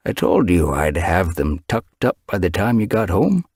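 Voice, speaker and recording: Rocky, a relaxed tom cat, voiced by a man. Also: deep voice, normal speed, slightly rough, dry recording, clean studio sound, heavily acted. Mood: reassuring. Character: easygoing tom cat father.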